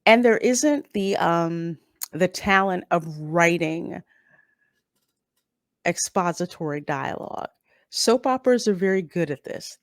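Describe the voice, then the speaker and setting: Woman, low voice, blunt opinionated live-stream host, dry close sound. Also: expressive, a little slow, no echo. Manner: blunt, opinionated, emphatic repetitions. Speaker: YouTube channel host reading live chat. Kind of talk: casual live-stream review commentary.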